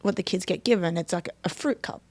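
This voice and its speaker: A woman's voice: fairly low pitch, fast talker, breathy edge, no echo. A woman, a guest talking emphatically and animatedly in a casual podcast conversation. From Australia.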